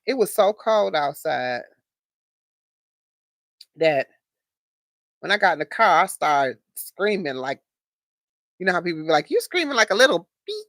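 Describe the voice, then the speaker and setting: A woman hosts a live stream with a bright, fairly high voice that swings widely in pitch. She takes her time, talks straight to her viewers and laughs often, on a dry, close recording. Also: no echo. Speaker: livestream host.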